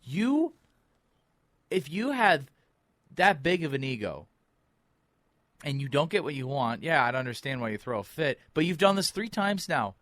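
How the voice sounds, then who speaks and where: A man's voice: fairly high pitch, very animated, a little slow, long pauses, fairly bright tone, no room sound. A man co-hosting a sports podcast, ranting in exasperation and mocking players with quoted voices. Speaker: podcast co-host. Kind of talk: heated sports talk.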